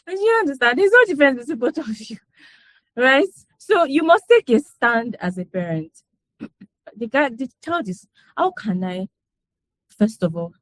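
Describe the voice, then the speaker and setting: A woman with a somewhat high voice talks in a loose, conversational way, repeating herself and checking that her listeners follow along. She laughs easily as she tells stories. The sound is dry and close, with no room around it. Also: no echo. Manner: conversational, repeats herself, frequent "you know" and "do you understand"; laughs often while telling stories. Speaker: parent speaker in a parenting session. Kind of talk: casual talk to a group.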